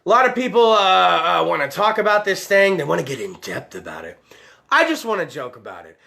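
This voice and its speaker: A man's voice: high voice, big pitch swings, fairly quick, creaky, pushed and bright. A man hosting a live-streamed show, talking in a loose, tipsy, heavily profane way. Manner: rowdy, tipsy, swears a lot. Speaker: podcast host.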